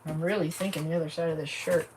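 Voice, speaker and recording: A woman's voice: sits low, fairly even intonation, fast talker, far from the mic, over music. A woman chatting casually and thinking aloud while she works on a craft project on a livestream. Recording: voice set back from the mic, faint noise.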